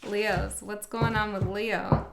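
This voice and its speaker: A woman's voice: medium pitch, flat delivery, takes it slowly, gravelly, loud music behind the voice. Chatty woman giving a tarot reading. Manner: chatty and upbeat, laughs often mid-sentence. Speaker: tarot reader. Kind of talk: casual tarot reading to camera.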